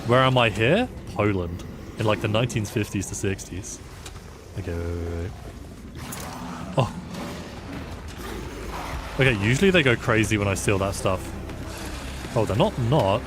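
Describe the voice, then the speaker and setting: A man's voice: on the low side, expressive, a little slow, pauses often, background noise. A man from the UK casually commentating a game as a live streamer, reacting with sudden exclamations and chatting with viewers. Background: game music.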